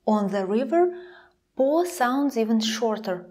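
A young woman with a Russian accent giving a pronunciation lesson, saying each example slowly twice and sometimes dropping to a whisper. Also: on the high side, lively intonation, darkish tone. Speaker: Russian language teacher.

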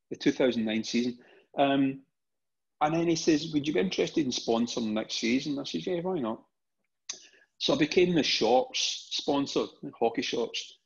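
A middle-aged man with a Scottish accent tells stories in a casual, chatty way, often restarting and repeating words as he goes. His voice is husky and sits in an ordinary middle register. The podcast recording sounds dull and lo-fi. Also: mid-range voice. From Scotland. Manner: animated anecdotes with frequent restarts and repeated words. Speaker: podcast guest. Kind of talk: casual storytelling.

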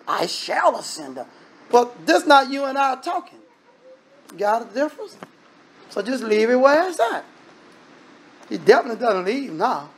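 A man's voice: high voice, gravelly, husky. Emphatic man preaching. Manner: emphatic, conversational preaching with sudden loud bursts. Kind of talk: sermon.

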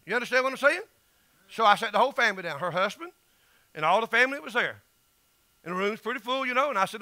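Southern pastor guy preaching hard, high pitched, dry close sound. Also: expressive, fast talker, sharp tone, dry recording. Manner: emphatic, folksy storytelling preacher. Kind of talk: sermon.

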